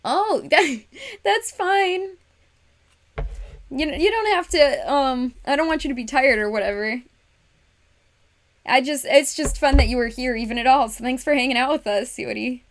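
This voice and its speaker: This craft livestream host has a high-pitched voice and an unhurried delivery with long pauses. Casual and chatty, she talks to her viewers in the chat and narrates every step, laughing frequently.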